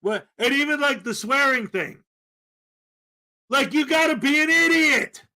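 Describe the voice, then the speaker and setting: Exasperated man ranting, high sharp voice. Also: lively intonation, unhurried. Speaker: commentary host. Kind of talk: ranting commentary on a played clip.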